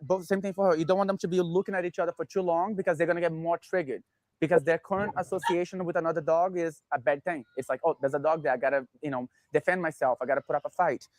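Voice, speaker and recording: A man with a slightly raised pitch talks calmly as a dog trainer, mixing explanations with clipped commands to a dog. His voice sounds close and dry, with no room around it. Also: no room sound. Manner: calm, instructive, gives short commands to a dog.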